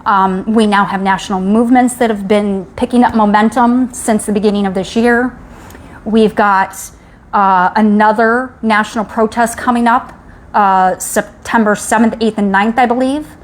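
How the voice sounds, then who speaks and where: A woman's voice: medium pitch, fairly even intonation, moderate pace. A woman hosting a live stream, speaking in an urgent, rallying way about speaking up and sharing stories. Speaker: host. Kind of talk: live-stream advocacy talk.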